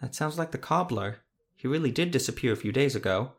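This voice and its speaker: A man's voice: medium pitch, animated, a little fast, pitched above the performer's own voice, natural voice. A man voicing a tearful young village boy who pleads and begs. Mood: pleading.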